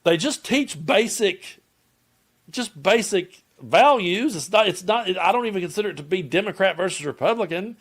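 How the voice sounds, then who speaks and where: A man's voice: sits high, lively intonation, normal speed. Blunt Appalachian man ranting casually. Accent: Southern US, Appalachian. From Tennessee, US. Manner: rambling, blunt, profane storytelling. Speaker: political commentator. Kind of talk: casual political commentary vlog.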